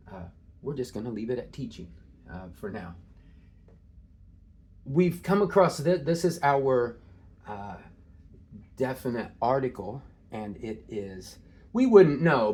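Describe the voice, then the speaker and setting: A man gives a relaxed, informal screen-share lesson in a middle-pitched voice. He pauses often on filler sounds and slows right down to stress key terms. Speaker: teacher.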